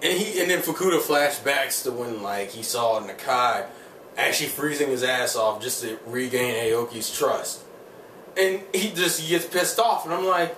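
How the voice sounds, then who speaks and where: A man's voice: medium pitch, animated, moderate pace, a bit bright, slight background noise. Ranting man in a roomy, distant recording. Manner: rambling, profane, heated ranting full of "like". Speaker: anime reviewer vlogger. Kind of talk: casual spoken episode review. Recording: roomy sound from a distant mic, faint ambience.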